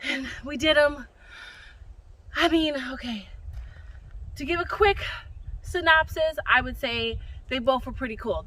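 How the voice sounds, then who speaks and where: A woman's voice: sits high, a little slow, sharp tone, low-quality recording. A woman hiking vlogger talking casually outdoors on forest trails, chatty, upbeat and self-mocking. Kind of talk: casual vlog narration.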